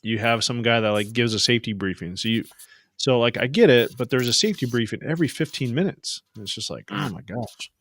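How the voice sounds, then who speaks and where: A man's voice: mid-range voice, a little fast, a bit bright, no echo. A man co-hosting a casual panel podcast who reads out listener questions in an easygoing way. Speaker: podcast co-host reading questions.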